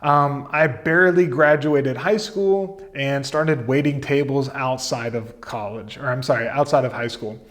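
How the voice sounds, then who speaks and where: A man's voice: medium pitch, measured pace, few pauses. Chatty man telling his story. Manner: relaxed, chatty, frequent fillers and asides. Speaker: content marketing coach. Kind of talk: casual storytelling to camera.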